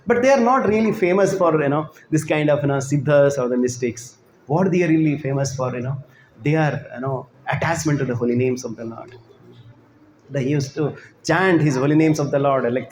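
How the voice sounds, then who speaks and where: A man's voice: medium pitch, darkish tone, reverberant, a little hiss or hum, low-quality recording. A man giving a storytelling devotional talk on a pilgrimage, peppering it with "you know" and "right?" and acting out quotes. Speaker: devotional speaker.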